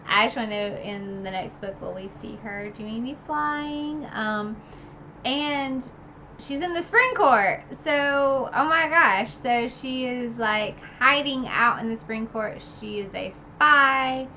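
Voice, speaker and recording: A woman talks through a book's ending in a loose, chatty recap, slowly and with plenty of pauses. Her voice is bright and forward. She rambles from point to point with fillers and asides. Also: a little high, a little hiss or hum, low-quality recording. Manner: rambling and chatty, full of "like" and "you know". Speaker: book reviewer streaming a recap. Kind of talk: casual book recap chat.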